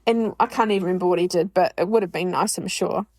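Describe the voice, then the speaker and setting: A woman's voice: lowish voice, fast talker, a little mellow, no echo. A woman in her forties hosting a podcast, talking candidly and bluntly about her own life, swearing freely and laughing often. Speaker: podcast host. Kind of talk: candid personal monologue.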